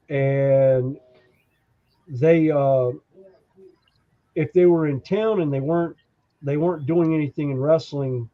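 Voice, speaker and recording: A man telling stories in a casual podcast chat, animated and acting out the voices of the people in his stories. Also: fairly high pitch, dull audio. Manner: animated storyteller who acts out quoted voices. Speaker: podcast co-host.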